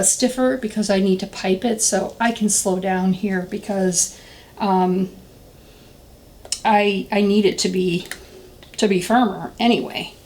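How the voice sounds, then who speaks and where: A woman's voice: medium pitch, a little mellow, low-quality recording. A woman demonstrating soap making in a casual step-by-step tutorial, chatty and thinking aloud with plenty of ums. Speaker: soap maker demonstrating a recipe.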